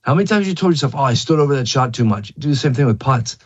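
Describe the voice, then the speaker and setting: A man's voice: mid-range voice, animated, rapid-fire, slightly rough. A man giving a casual golf lesson, rambling and repeating himself with many fillers. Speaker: golf instructor. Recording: dull lo-fi recording.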